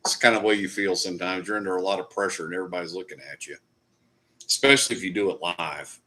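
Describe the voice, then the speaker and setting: This host has a deep voice and talks fast, sounding pushed and bright. He keeps his live stream loose, reading comments, chatting with viewers and dropping the odd swear word.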